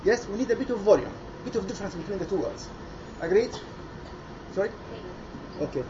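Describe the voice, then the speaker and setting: Man, choir conductor, high voice, dull lo-fi sound, noisy background. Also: expressive, fairly quick. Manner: mixes English with Arabic, coaching and demonstrating by singing. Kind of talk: choir rehearsal instruction. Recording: lo-fi with noise behind.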